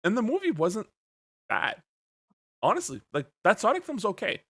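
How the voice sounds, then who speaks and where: A man hosting a casual podcast, talking in an animated, jokey way and swearing freely. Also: high-pitched, moderate pace, slightly rough. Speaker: podcast host.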